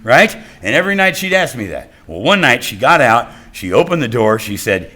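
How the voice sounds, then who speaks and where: A middle-aged man telling his recovery story to a meeting, in lively storytelling with self-mocking humor that swings from quiet to loud. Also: mid-range voice, moderate pace, hardly any pauses. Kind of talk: personal recovery talk to a meeting. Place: meeting room with audience.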